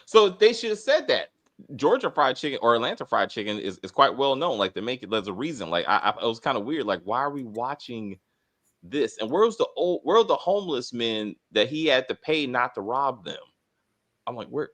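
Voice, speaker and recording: Animated, expressive middle-aged man. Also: medium pitch, a little fast. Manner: animated, profane and rambling. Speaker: TV review host. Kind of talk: casual review chat.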